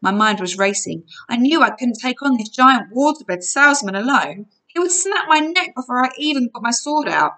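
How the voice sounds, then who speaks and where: A woman reading a storybook aloud, narrating in an expressive first-person way. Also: a little high, moderate pace, hardly any pauses, far from the mic. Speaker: reader.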